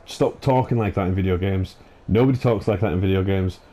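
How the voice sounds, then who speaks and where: A man who hosts a gaming channel rants over gameplay in a low, dark voice at a fairly quick clip. He sounds exasperated and swears a lot, his speech packed with fillers and restarts.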